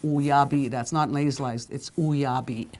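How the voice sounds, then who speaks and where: A woman's voice: fairly low pitch, expressive, a little slow, darkish tone. A woman teaching a language lesson, repeating each word several times and correcting herself as she goes.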